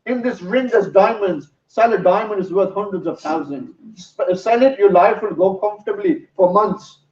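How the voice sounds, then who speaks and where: A man's voice: high-pitched, moderate pace, darkish tone. A man giving a sermon, telling a story in an earnest way. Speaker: preacher. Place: mosque hall. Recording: roomy, distant, dull sound.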